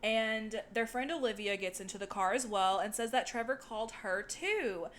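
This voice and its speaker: A woman's voice: a little high, moderate pace, fairly bright tone. Chatty young woman podcast co-host. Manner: chatty, laughs often, swears casually. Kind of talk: casual chat recapping a movie.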